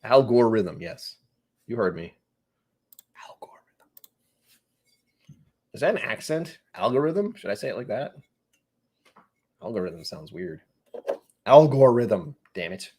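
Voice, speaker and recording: Against a noisy background, this whiskey channel host speaks in a low voice with big pitch swings, a moderate pace and frequent pauses. During his live tasting stream he rambles casually, jokes at his own expense and reads chat comments aloud.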